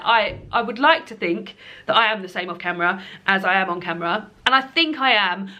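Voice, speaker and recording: A woman's voice: mid-range voice, a bit bright. A woman chatting casually to camera from her lounge, rambling with lots of fillers and frequent laughs. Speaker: book vlogger.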